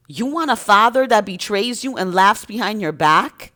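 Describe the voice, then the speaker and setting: A woman's voice: medium pitch, moderate pace, hardly any pauses, a bit bright. Emphatic woman preaching about faith. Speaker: spiritual content creator. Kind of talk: impassioned spiritual monologue.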